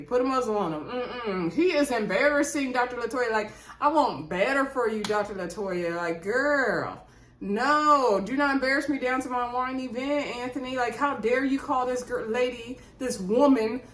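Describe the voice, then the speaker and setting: A woman's voice: fairly high pitch, fairly bright tone. A woman giving a chatty, outspoken review of a reality TV episode on her vlog and talking straight to her viewers. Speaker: reality TV recap YouTuber. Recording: roomy echo.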